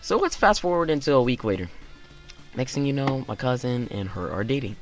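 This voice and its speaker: A young man hosting his channel, telling a story-time tale in an animated way and acting out the quotes. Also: medium pitch, brisk, faint music behind. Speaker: YouTube channel host.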